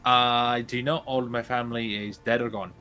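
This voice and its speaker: Man, mid pitch, casual and blunt, tabletop player, faint music underneath. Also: flat delivery, normal speed, pushed and bright. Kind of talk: tabletop game play.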